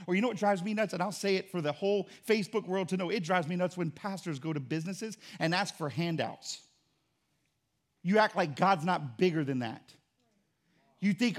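A man with a high-pitched voice preaches a sermon from the pulpit. He builds his points through repetition and swings between loud, emphatic lines and quieter asides. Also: normal speed. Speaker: pastor. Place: church.

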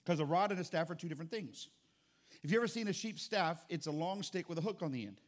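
A middle-aged man preaching a sermon as pastor, with dynamic delivery that swings from quiet to loud. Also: on the high side, lively intonation, fast.

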